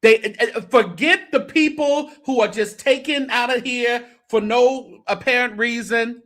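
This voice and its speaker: A man's voice: very high-pitched, measured pace, a bit bright. A man hosting a church commentary show, reacting to a clip with exasperated, sarcastic asides.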